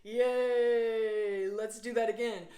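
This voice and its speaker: A woman's voice: fairly low pitch, normal speed, very noisy. A woman leading a guided laughter yoga class, playful and coaxing, often breaking into laughter as she cues each exercise. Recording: echoey room.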